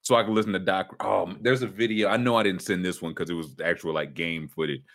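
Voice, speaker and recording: A man's voice: sits low, fast. A man hosting a casual sports talk show, talking loosely and slipping into mock voices. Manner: loose, animated, drops into mock voices and impressions. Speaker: podcast host.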